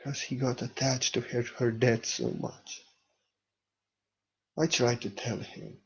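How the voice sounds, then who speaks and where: Slow, soft-spoken man on a lo-fi recording. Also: medium pitch, level tone. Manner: slow, soft and reflective, with halting pauses. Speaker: spiritual speaker. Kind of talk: spiritual talk. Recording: dull lo-fi recording.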